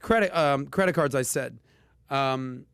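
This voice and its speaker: A man hosting a casual personal finance podcast, talking with punchy emphasis and lively asides. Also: mid-range voice, unhurried, gravelly, clean tone, dry recording, studio quality. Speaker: podcast host.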